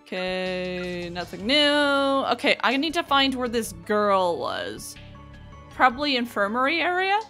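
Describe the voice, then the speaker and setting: A woman's voice: a little high, sing-song, unhurried, bright, forceful tone, faint music behind. A woman streaming a game live, chatting and reacting aloud as she plays.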